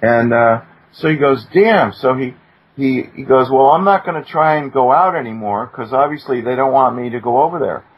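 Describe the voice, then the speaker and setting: Male guest storyteller, husky, animated, mid pitch, muffled lo-fi sound. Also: moderate pace. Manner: animated, acts out quoted speech with sudden high-pitched exclamations. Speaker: guest, attorney. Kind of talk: storytelling in casual talk. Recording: muffled lo-fi recording.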